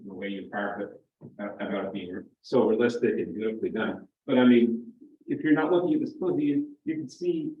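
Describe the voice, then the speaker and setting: A man hosting a museum event, casually encouraging the audience to look at the pieces. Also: fairly low pitch. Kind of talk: addressing an audience. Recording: tinny, echoey room.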